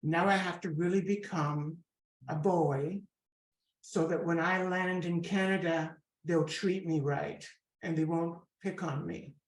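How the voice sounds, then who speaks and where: A woman in her sixties with a Scottish accent, telling her story with lively asides in an interview. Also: fairly low pitch, unhurried. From Scotland. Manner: chatty, animated storyteller with asides. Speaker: guest comedian. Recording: echoey room.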